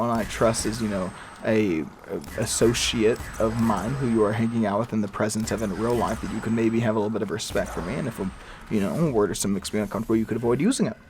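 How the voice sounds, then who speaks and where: A man's voice: lowish voice, fast, slight background noise. A young man in casual let's-play commentary, chatty and rambling with fillers and laughs. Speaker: gaming YouTuber.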